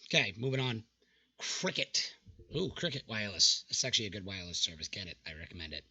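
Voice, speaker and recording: A man's voice: on the low side, sing-song, fairly quick, pushed and bright, slightly rough, highs cut off. A young man hosting casual reaction commentary, mocking dating app messages in an exasperated way and swearing freely. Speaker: channel host reacting to dating app screenshots.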